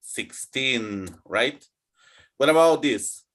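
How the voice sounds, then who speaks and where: This online English pronunciation lesson has a man drilling numbers with his students, patient and checking in frequently. His fairly high voice is very animated and fairly bright, delivered at a measured pace. There is slight background noise.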